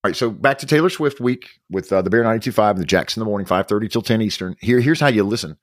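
A man co-hosting a podcast in casual chat, quick and joking, cutting in with questions. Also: fairly low pitch, no room sound, clean studio sound. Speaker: podcast and radio host.

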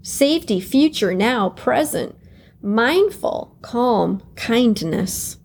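A woman hosting a podcast, leading listeners through a calm guided reflection exercise and repeating key phrases as she goes. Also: a little high, takes it slowly, breathy edge. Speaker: podcast host.

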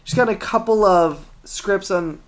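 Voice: mid-range voice, moderate pace. A podcast co-host in casual chat who swears freely and rambles with many ums.

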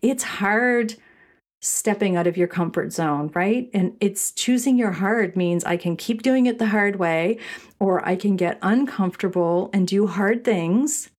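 A woman's voice: medium pitch, measured pace, a little mellow. A middle-aged woman from Canada hosting a casual solo podcast, talking in a rambling way with restarts and laughs. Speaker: podcast host and shop owner.

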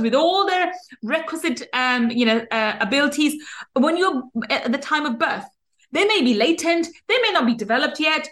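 A woman's voice: sits high, fairly bright tone. A woman hosting a podcast, giving an earnest motivational monologue with many restarts and fillers. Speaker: podcast host.

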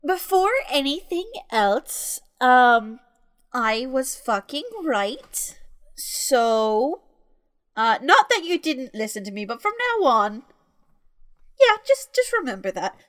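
A blunt, exasperated woman with a fairly high voice. Her recording is dry and close. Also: big pitch swings, slow pace, a bit bright, no room sound. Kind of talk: comedic audio drama.

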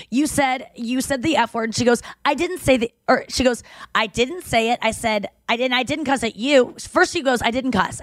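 Here a woman's fairly high voice comes through a dry recording from her makeshift home studio. As a podcast host in relaxed conversation, she swears a lot and tells stories by acting out what each person said.

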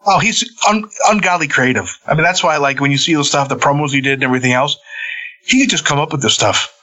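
Lively, bright-voiced man spinning a story. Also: on the high side, fast talker, highs cut off. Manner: animated, swearing, laughing between lines. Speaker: podcast guest, former wrestler. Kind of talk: casual storytelling.

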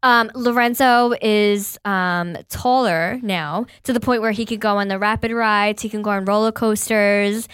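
A woman's voice: mid-range voice, fairly even intonation, a little slow, few pauses, fairly bright tone, clean tone, dry recording, clean studio sound. A woman in her thirties co-hosting a podcast, chatting in a bubbly, blunt way and swearing freely. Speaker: podcast co-host. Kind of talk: casual chat.

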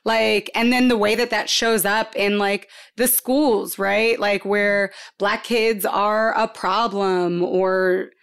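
A woman with a mid-range voice, talking animatedly and laughing easily. She fills her sentences with fillers and restarts, in a relaxed conversational way. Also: medium pitch, slow pace, creaky, few pauses, clean tone. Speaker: actress. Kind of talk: casual podcast conversation.

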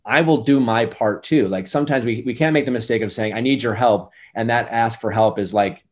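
A man in his forties with a mid-range voice talks a little fast as a dating advice guest on a casual podcast. He gives relationship advice in a rambling, earnest way, using many fillers.

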